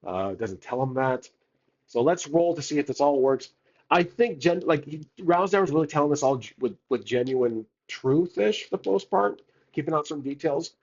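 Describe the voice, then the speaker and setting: A man's voice: a little high, lively intonation, moderate pace, a little mellow, dull audio. A man narrating his solo tabletop game, thinking aloud, rambling with many fillers and restarts.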